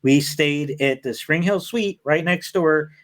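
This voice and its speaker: A man chatting as a podcast guest, telling stories in an animated way and swearing freely. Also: measured pace. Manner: animated storyteller, swears freely, lively pitch swings. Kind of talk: casual chat.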